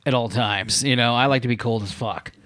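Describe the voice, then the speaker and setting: A man's voice: medium pitch, a little fast, a bit bright, dry recording, studio quality. Joking, swearing male podcast host. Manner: joking, swears freely, reads news stories aloud. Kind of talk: casual podcast chat.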